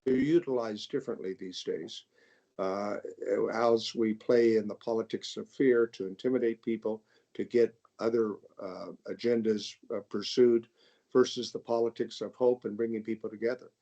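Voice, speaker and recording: An older man, a congressman, speaking in a measured way on a panel discussion and often repeating words as he thinks. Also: on the low side, steady tone, dark tone. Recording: dull lo-fi sound.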